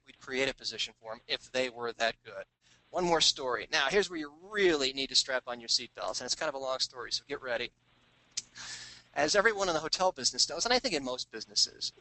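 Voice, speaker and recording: A man tells business war stories in an animated, confiding way, slipping into put-on voices to act out phone calls. His voice is bright and forceful. The recording is dry, with no room sound. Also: mid-range voice, no echo, low-quality recording. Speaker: author talking about his sales book. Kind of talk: storytelling business talk.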